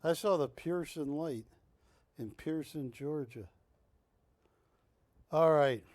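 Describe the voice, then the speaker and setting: A man with a high, dry voice hosts a live television shopping show. He pitches hard and jokes constantly, teasing his co-hosts between bids. The sound is close and studio-dry. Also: takes it slowly, a little mellow, no echo. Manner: jokey, teasing, pushy salesman patter. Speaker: shopping channel host.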